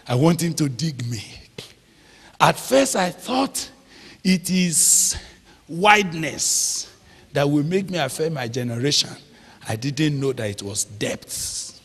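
A man preaching a sermon, slow and emphatic, drawing out phrases and checking in with the audience. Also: a little high, husky. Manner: slow, emphatic, drawn-out phrases with call-and-response questions. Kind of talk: sermon teaching. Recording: long hall reverb.

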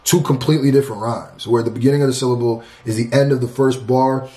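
A man hosting a music reaction video, talking in a casual, slangy and animated way as he breaks down rap lyrics. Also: medium pitch, fast talker, reverberant. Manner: animated, slangy, loose and talkative.

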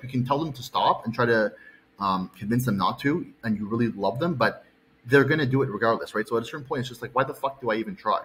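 A man's voice: mid-range voice, fairly bright tone, a little hiss or hum, rough recording. A man, a fitness coach, telling a long, heated, profane story and checking in with "okay" and "right.". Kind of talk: ranting storytime vlog.

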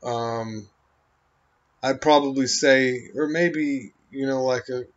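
A man in a halting, meandering stream-of-consciousness monologue, full of fillers and trailing thoughts. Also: medium pitch, fairly even intonation. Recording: dull lo-fi recording.

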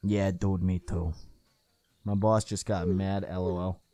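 A man voicing a gruff, dry-humored male giant lizard monster puppet, mumbling deadpan asides in a puppet reaction video. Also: sits low, measured pace. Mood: grumbling.

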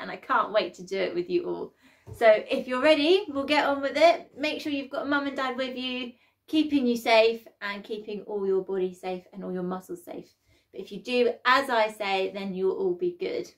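A woman's voice: on the high side, normal speed. A young woman leading a children's workout, upbeat and encouraging as she counts down the exercises. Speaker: workout instructor. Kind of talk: children's exercise class instruction. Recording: light background music.

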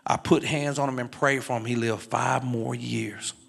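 A middle-aged man telling his life testimony as a guest speaker, dropping low and quiet in the story, then rising loud and high as he exhorts the listeners. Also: steady tone, moderate pace, vocal fry, heavy background noise.

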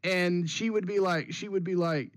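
A man hosting a podcast, telling a school story in an animated, casual way and restarting his sentences as he goes. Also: high voice, normal speed, no room sound. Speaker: podcast host.

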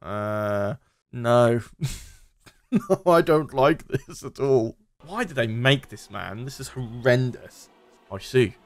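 A man's voice: medium pitch, animated, takes it slowly, dry recording, studio quality. A man hosting a gaming video, reading a text game aloud with sardonic, laughing commentary. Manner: sardonic, laughing at the absurd story.

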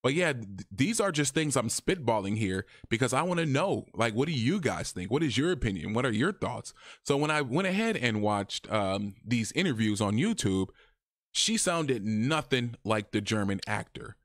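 A man talking casually in a review vlog, chatty and animated, his voice jumping higher when he quotes people. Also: moderate pace, dry recording, clean studio sound. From Arizona, USA. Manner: chatty, animated, often rises in pitch when quoting. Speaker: YouTube reviewer.

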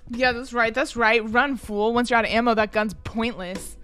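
A woman streaming a game, talking excitedly, gasping, shrieking and swearing, and dropping to whispers while she hides. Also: on the high side, moderate pace, few pauses, soft background music. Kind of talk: excitable gaming stream commentary.

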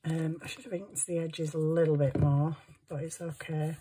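A woman's voice: deep voice, little pitch movement, normal speed, hardly any pauses, mellow, a little hiss or hum. A woman making a junk journal, chatting to herself as she works. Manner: chatty, talks to herself while working. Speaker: crafting vlogger. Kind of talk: casual crafting chat.

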